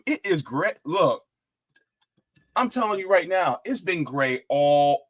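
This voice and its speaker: A man hosting a live-stream politics show, chatting casually, animated and jokey as he reads out the chat. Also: sits high, normal speed.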